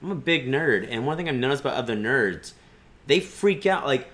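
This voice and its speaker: A man hosts a podcast in loose, joking chat and curses freely. His pitch jumps around a lot as he talks. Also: normal speed. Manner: animated, joking, profane. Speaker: podcast host. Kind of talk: casual chat.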